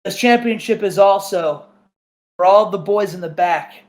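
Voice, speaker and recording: A man's voice: sits high, measured pace, pitched above the performer's own voice. A man voicing a triumphant masked wrestling champion, speaking in a raised, earnest promo voice. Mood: heartfelt.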